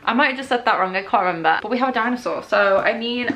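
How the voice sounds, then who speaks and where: A young woman chatting casually in a book unboxing vlog, excitable and gushing, often laughing as she talks. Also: a little high, fast. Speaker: book vlogger. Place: indoors at home, rain outside.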